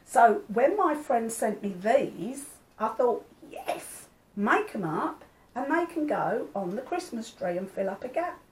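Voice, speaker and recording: A woman's voice: fairly high pitch, sing-song, measured pace, slight background noise, low-quality recording. An older woman, chatting casually to her viewers, homely and rambling. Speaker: vlogger. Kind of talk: casual chat.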